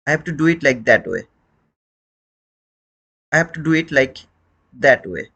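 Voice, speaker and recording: A man's voice: on the high side, expressive, a little slow, vocal fry, a bit bright, slightly rough, dull audio. A man teaching a trading lesson on a live stream, questioning viewers and repeating his points in non-native English phrasing.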